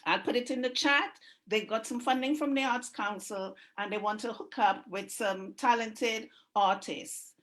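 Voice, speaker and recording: A woman's voice: fairly high pitch, unhurried, hardly any pauses, fairly bright tone. A woman hosts an online community event over a video call. She makes casual, chatty announcements and introduces performers.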